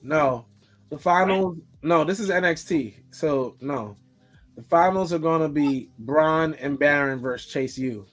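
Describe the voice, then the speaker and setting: A man's voice: on the high side, measured pace, fairly bright tone, faint music behind. A man co-hosting a casual wrestling podcast, giving blunt, opinionated takes. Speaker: podcast co-host.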